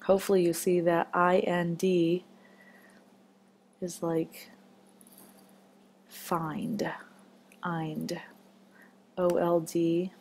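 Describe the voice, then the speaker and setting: A woman's voice: on the low side, level tone, slow, pauses often, darkish tone, a little hiss or hum. A woman teaching a children's phonics lesson, patient and encouraging as she marks words step by step.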